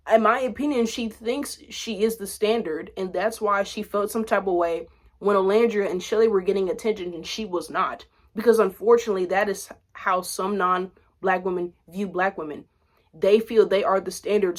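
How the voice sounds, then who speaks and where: Blunt, animated young woman ranting. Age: 20s. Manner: animated, blunt, profane, swings between loud outbursts and low asides. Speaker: vlogger commenting on reality TV. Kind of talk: casual rant to camera.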